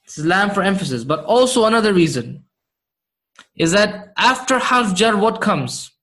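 A man's voice: sits high, big pitch swings, moderate pace, a bit bright. A man teaching Arabic grammar to a class, repeating key points and checking understanding with short questions. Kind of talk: classroom lesson explaining Quranic grammar.

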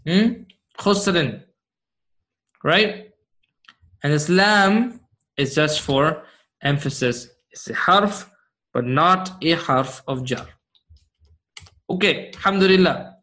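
A high-pitched man gives a grammar lesson to his class. He speaks slowly and repeats each point, and he keeps checking that his students follow along. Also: bright, forceful tone. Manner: repeats key points and checks understanding with "right?" and "okay?". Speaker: Arabic grammar teacher.

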